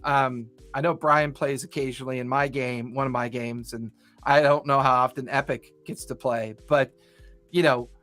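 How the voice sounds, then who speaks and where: A man's voice: mid-range voice, steady tone, normal speed, fairly bright tone, faint music behind. Rambling, enthusiastic podcast host man. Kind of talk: casual podcast chat.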